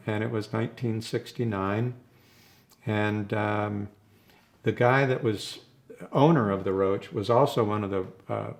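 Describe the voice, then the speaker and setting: Older man with a gravelly low voice. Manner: rambling, reminiscing, chuckles between stories. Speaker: rock drummer, interview guest. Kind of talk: casual interview storytelling.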